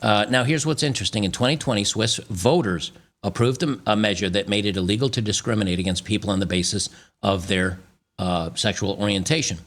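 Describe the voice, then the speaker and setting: A man's voice: lowish voice, a little fast, fairly bright tone. A man from the United States hosting an opinion commentary, reading news aloud and reacting, often stumbling and restarting. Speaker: channel host.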